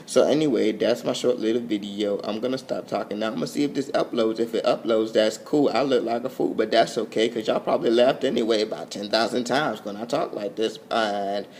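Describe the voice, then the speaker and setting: A man's voice: lowish voice, brisk, hardly any pauses, a little mellow, a little hiss or hum. A young man, rambling goofily in an overtired late-night vlog, his voice swooping up and down. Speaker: vlogger. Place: at home, filming on a phone.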